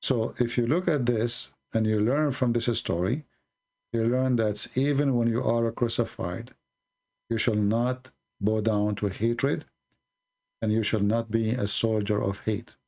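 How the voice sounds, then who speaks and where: A man hosting a live call-in stream, earnestly explaining religious ideas with pauses and fillers. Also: medium pitch, steady tone, gravelly, a little mellow.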